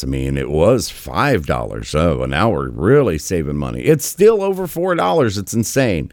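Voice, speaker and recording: Male host, deep voice, lively swings, sarcastic riffing, dry close mic. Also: moderate pace, hardly any pauses, no room sound. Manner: sarcastic, exasperated, mocking. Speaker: political commentary host. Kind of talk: casual commentary over clips.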